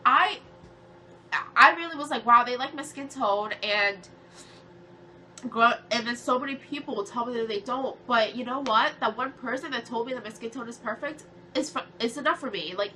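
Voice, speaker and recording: A nasal young woman in her twenties, close to tears, venting heatedly to her camera. Her voice is bright and a little high for a woman, full of swearing and restless filler words. A faint hiss sits under the recording. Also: normal speed. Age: 20s. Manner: heated, swearing, rambling with many "like"s. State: tearful. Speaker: vlogger. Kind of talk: emotional rant to camera.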